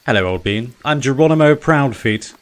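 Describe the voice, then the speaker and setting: A man's voice: medium pitch, animated, moderate pace, close to an everyday voice. A man doing a posh, fussy halfling chef. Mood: chatty. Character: chatty male halfling chef, genteel.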